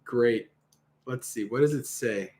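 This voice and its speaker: The voice is male, medium-pitched, a little mellow and a little slow. He hosts a livestream where he reads a Buddhist sutta aloud, comments casually, laughs often, and acts out the quoted lines, with a roomy echo in the recording.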